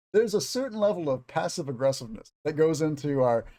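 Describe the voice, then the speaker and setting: A man's voice: a little high, expressive, a little fast, mellow. Southern US man teaching casually. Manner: rambling, conversational, self-aware. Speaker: English teacher. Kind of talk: unscripted video lesson.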